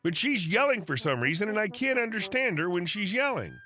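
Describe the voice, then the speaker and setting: A woman's voice: medium pitch, sing-song, a little fast, pushed and bright, faint music behind. A man reading as a puzzled woman shopper. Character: frustrated female shopper, friendly, impatient.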